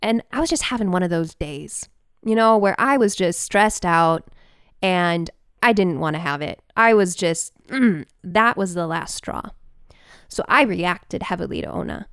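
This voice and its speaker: A woman telling a personal story in an animated, expressive way, with quick bursts. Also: lowish voice, clean tone, no echo, clean studio sound.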